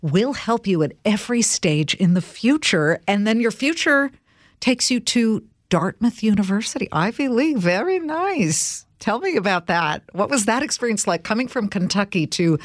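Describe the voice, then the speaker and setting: A woman's voice: medium pitch, very animated, normal speed, no room sound, clean studio sound. A woman from California hosting an interview, speaking emphatically and addressing her listeners. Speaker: host. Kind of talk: interview host.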